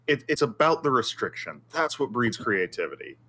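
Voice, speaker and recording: A man's voice: medium pitch, very animated, moderate pace, sharp tone. A man on a tech podcast, joking wryly and sharing opinions in casual chat. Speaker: podcast co-host.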